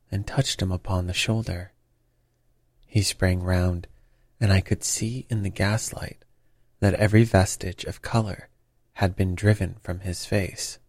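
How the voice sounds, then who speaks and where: A man narrating a classic detective story in a measured, even storytelling manner. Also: low voice, dry recording, studio quality. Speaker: audiobook narrator.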